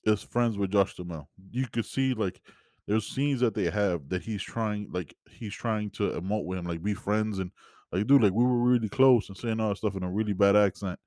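A man's voice: on the low side, moderate pace, darkish tone, no room sound, studio quality. A man hosting a podcast, giving a casual solo movie review as an exasperated, rambling rant full of restarts. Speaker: podcast host.

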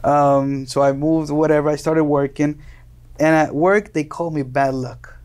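A young man from Colombia, a native Spanish speaker, telling casual stories as an interview guest, animated and laughing often. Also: on the high side, a little slow, clear, resonant tone. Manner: animated, laughing, acts out quoted voices. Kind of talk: casual storytelling.

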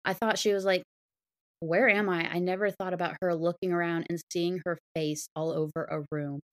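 A young woman co-hosting a podcast in casual chat, expressive and acting out imagined dialogue. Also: fairly low pitch. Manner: expressive, acts out imagined dialogue in quick voices. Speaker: podcast co-host.

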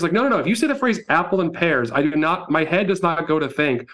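A man co-hosting a sports podcast, telling stories in a lively, profane, casual way. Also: high voice, brisk, few pauses. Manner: animated storytelling, swears freely. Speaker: podcast co-host. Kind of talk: casual chat. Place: New York.

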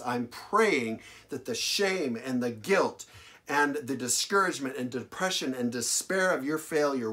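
A male pastor delivering a sermon, repeating phrases for emphasis and swinging between loud declarations and hushed lines. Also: mid-range voice. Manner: dramatic preaching, big swings from loud to hushed.

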